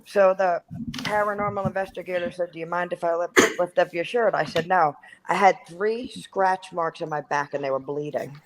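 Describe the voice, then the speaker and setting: Speaking at a moderate pace with fairly even intonation and a voice on the low side, this guest storyteller, a woman in her thirties, chats through a personal ghost story packed with "like" and acted-out quotes. The low-quality recording has slight background noise.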